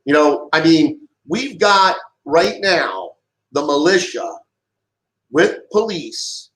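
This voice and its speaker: A man's voice: a little high, very animated, slow, a bit bright. Fired-up middle-aged man, echoey room. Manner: heated, emphatic, repeats himself. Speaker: vlogger giving a political rant. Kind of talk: impassioned monologue.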